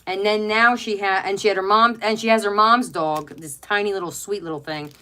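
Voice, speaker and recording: A middle-aged woman hosts a home craft livestream over a webcam, her medium-pitched voice steady, a little fast, and sharp. She chats casually and rambles, reading viewer comments aloud and gushing over pets with plenty of fillers.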